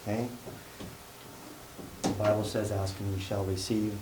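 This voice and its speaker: A man's voice: fairly low pitch, little pitch movement, a little slow. A man giving a live sales seminar at a conference, telling folksy, self-deprecating stories with jokes. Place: conference hall before an audience. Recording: echoey live hall, faint room noise.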